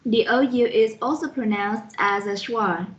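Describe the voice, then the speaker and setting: A woman presenting a lesson on pronunciation, reading out spellings and examples slowly and carefully, one letter at a time. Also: fairly high pitch, highs cut off. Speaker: student presenter reviewing a phonetics lesson. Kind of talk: slide-by-slide explanatory lesson.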